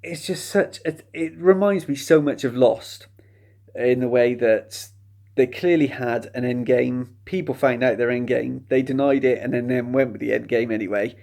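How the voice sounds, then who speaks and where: A man's voice: medium pitch, moderate pace, gravelly, darkish tone. A man giving a casual, chatty spoken film review, sardonic and mocking the plot.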